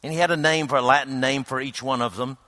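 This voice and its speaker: A man preaching a reflective sermon, unhurried, with frequent hesitant restarts. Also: mid-range voice, fairly even intonation, bright, forceful tone, no room sound, studio quality.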